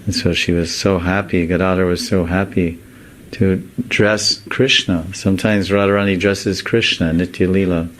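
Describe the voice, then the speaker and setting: A monk teacher giving a devotional sermon in slow, deliberate, animated storytelling. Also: male voice, low-pitched, a little hiss or hum, rough recording.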